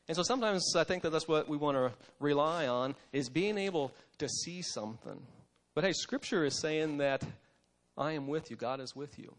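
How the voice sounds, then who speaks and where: A man's voice: on the high side, normal speed. A man giving a conversational devotional sermon, with frequent fillers and restarts.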